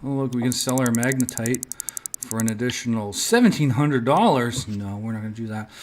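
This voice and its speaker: A man's voice: medium pitch, fairly quick, a little hiss or hum. A man rambling through casual gameplay commentary, with lots of filler words as he tells stories. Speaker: gaming streamer.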